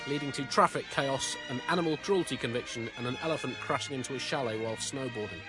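A man co-hosting a comedy podcast, reading jokes in a deadpan, mock-solemn way and bantering. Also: fairly high pitch. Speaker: co-host.

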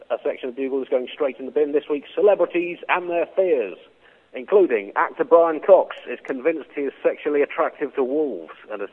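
Husky man on a tinny phone-like line. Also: medium pitch. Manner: deadpan absurd delivery with frequent chuckles. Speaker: comedy podcast co-host. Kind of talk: comic monologue and banter. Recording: phone-like narrow band.

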